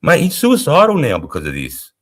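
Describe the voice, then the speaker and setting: A middle-aged Australian army veteran co-hosting a casual live stream, blunt, rambling and heavily profane. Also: male voice, on the high side, wildly swooping pitch, a little fast, a bit bright. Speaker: livestream co-host, army veteran.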